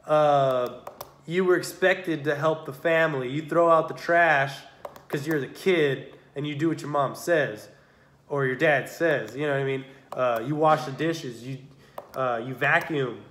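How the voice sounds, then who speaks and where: A man's voice: on the high side, a little slow, fairly bright tone, slight background noise. A young man co-hosting a podcast, talking casually in a rambling, profane way, full of fillers like "you know what I mean". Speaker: podcast co-host. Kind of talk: casual chat. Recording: echoey room.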